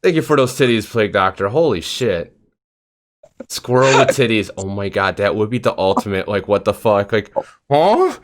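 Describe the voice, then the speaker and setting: A man's voice: on the low side, normal speed. A man hosting a live-streamed interview, swearing freely and reading viewer donations aloud between questions. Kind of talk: casual chat.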